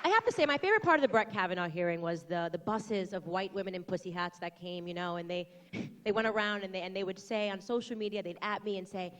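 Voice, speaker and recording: A young woman speaking on a stage panel, animated and jokey, with mocking asides. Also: mid-range voice, fast talker. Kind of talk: lively stage talk with a crowd.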